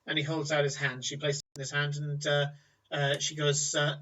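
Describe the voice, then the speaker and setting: A man's voice: fairly high pitch, completely flat delivery, normal speed, pushed and bright. A man narrating a tabletop game as game master, with vivid descriptive storytelling, on a distant, muffled recording.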